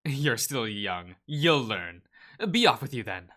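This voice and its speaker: A man's voice: mid-range voice, expressive, measured pace, sharp tone. Man voicing a stern, curt woman doctor. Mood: commanding. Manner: curt, commanding, dry. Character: stern intimidating female doctor from Holland.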